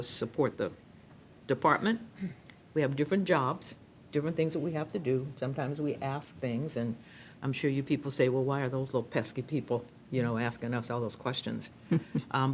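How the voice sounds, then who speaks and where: A woman's voice: very deep voice, brisk, a little hiss or hum. A woman serving as commission president, chairing a public meeting in an informal, joking way with filler-laden asides.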